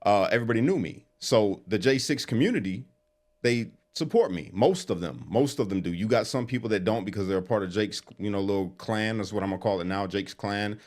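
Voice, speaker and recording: A man guest telling an animated story in casual talk. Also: on the low side. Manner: animated, quick storyteller who acts out quotes. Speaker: interview guest.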